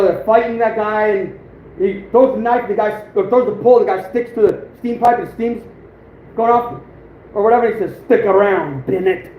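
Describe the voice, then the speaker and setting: High-voiced man on a tinny echoey stream. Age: 30s. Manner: rambling, chuckling often. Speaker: outdoors livestream host. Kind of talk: casual livestream chat. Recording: phone-like echoey room with faint noise.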